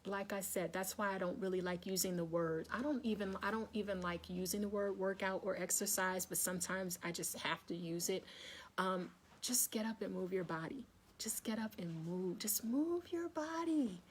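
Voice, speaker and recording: A woman's voice: medium pitch, normal speed, a little hiss or hum. A woman hosting a casual wellness live chat, talking straight to her viewers, calling them y'all, checking that they are still with her and repeating her points to encourage them.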